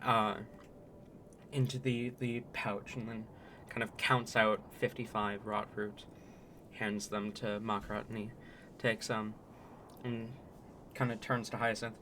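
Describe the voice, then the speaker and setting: A man narrating a tabletop role-playing game as game master, in a relaxed, hesitant way with many "kind of"s. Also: fairly low pitch, slow, long pauses, a little hiss or hum.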